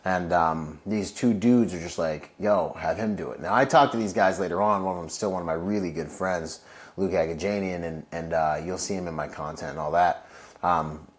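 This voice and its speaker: Male Marine veteran, low register, casual interview storyteller with loose filler-heavy delivery. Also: normal speed. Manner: loose, heavy use of "like" and "you know"; acts out quoted voices in his stories.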